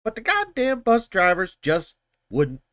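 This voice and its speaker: A man's voice: high-pitched, wildly swooping pitch, unhurried, a bit bright, dry recording, studio quality, pitched above the performer's own voice, heavily acted. A man voicing a cocky, unhinged male film villain who taunts and mocks. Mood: taunting. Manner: taunting, mocking.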